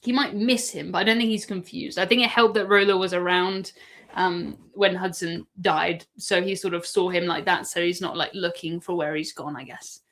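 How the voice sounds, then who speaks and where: A woman's voice: on the low side, fairly even intonation, normal speed, a bit bright. An English woman chatting casually on a live stream, answering viewer questions and laughing often. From England. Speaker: cruise live-stream host.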